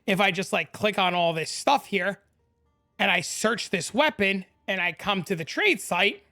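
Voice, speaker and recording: Excitable hoarse man walking through a game tool. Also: high voice, a little slow, soft background music. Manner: excitable, rambling, talks through clicks step by step. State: hoarse, losing his voice. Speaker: gaming channel host. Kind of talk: screen-recorded game tutorial.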